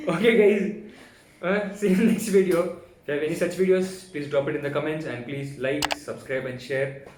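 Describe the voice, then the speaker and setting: A man's voice: fairly high pitch, normal speed. Male co-host from Tamil Nadu, teasing, casual reaction chat in a roomy space. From Tamil Nadu, India. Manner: wry, teasing. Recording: echoey room.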